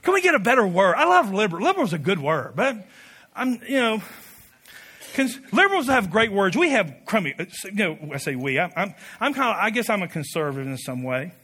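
Man, pastor, sermon, passionate, loud peaks then quiet asides, high pitch, bright tone. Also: sing-song, brisk, husky. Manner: impassioned, rising to shouted peaks, drops to quiet asides; leads congregation call-and-response.

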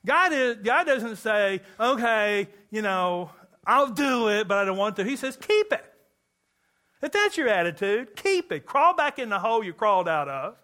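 A man from Kentucky preaching a sermon to a church congregation, animated and joking with the listeners. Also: extremely high pitch. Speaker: pastor.

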